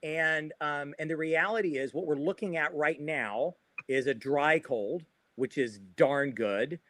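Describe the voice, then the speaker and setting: A Floridian running coach gives advice as a livestream guest, speaking unhurriedly in a slightly high, fairly bright voice. He's upbeat and chatty, repeating himself and tagging many points with "right?" There's no echo.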